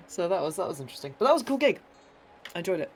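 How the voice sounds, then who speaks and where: Lively, higher-voiced man chatting casually. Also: slight background noise. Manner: animated storyteller who acts out quoted people. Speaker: co-host and trumpet player. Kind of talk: casual chat on a live stream.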